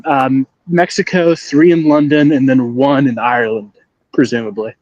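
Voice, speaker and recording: A man's voice: mid-range voice, fairly even intonation, moderate pace, darkish tone, no echo. A young man co-hosting a sports podcast in casual chat, teasing and wisecracking. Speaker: podcast co-host. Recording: dry, dull lo-fi audio.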